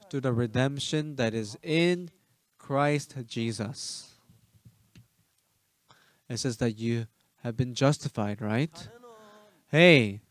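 Delivering a sermon, this pastor throws rhetorical questions at his congregation with emphasis, alternating loud exhortation with quiet asides. He has a mid-range voice, and there is no echo.

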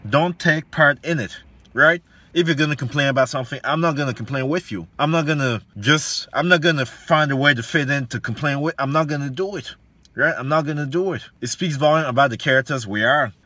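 Guy coaching people online, bright sharp voice, preachy and repeats himself a lot, dry close sound. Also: mid-range voice, dry recording. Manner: preachy, repeats lines, rhetorical questions, slangy. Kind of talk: motivational monologue to camera.

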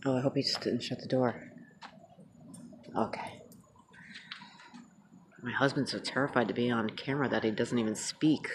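A woman vlogging casually outdoors at night, chatting in a rambling, sometimes hushed way. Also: extremely low pitch, fairly even intonation, moderate pace, long pauses, background noise. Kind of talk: casual chat.

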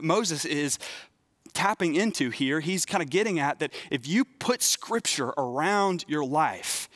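Guy preaching to students, kinda high voice, earnest, keeps restarting his sentences. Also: fairly bright tone, no room sound. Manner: earnest, conversational, frequent restarts. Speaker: youth pastor. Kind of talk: sermon to students.

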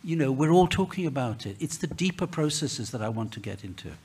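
A man speaks on a conference panel in a slightly husky voice. He talks at a middling pitch, halting often, repeating words and restarting his sentences as he argues his point. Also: animated, darkish tone. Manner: hesitant, many restarts and fillers. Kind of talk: panel discussion.

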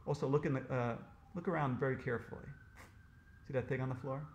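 A man reading a children's storybook aloud, expressive and animated. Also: mid-range voice, quick pace, roomy sound, highs cut off, a little hiss or hum.

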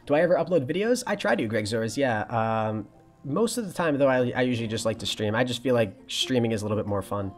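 Fast-talking young male game streamer. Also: mid-range voice, soft background music. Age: young adult. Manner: relaxed, chatty, reads and answers chat. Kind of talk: casual live-stream chat while playing.

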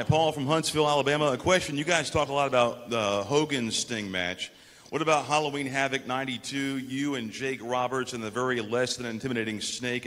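A man's voice: medium pitch, a bit bright. Male panel host, plain delivery, hall reverb, faint room noise. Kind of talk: live panel moderating.

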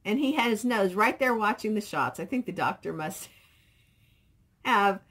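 A woman's voice: mid-range voice, lively intonation, moderate pace, fairly bright tone, breathy edge. A middle-aged woman vlogging casually, rambling and reading viewer comments aloud. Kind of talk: casual chat.

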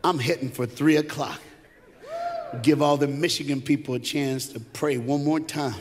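A man from Tennessee with a Southern accent, preaching an energetic conference sermon with jokes and call-and-response. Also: medium pitch, normal speed, noisy background. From Knoxville, Tennessee. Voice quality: animated, joking, call-and-response. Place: large conference hall. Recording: live hall with long reverb and faint music.

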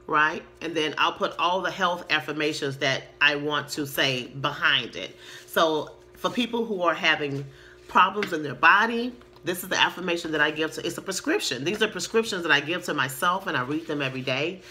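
A woman who works as a therapist, casually teaching about the law of attraction and reading affirmations slowly and earnestly. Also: deep voice, sharp tone, slight background noise. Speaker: sex therapist and spa owner. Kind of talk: casual spiritual teaching to camera.

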